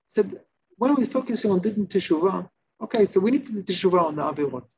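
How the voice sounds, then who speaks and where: A male rabbi giving an informal Torah class, telling stories and acting out the shouting characters. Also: high-pitched, fast talker. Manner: animated storytelling, acts out shouting characters. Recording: slightly muffled recording with faint noise.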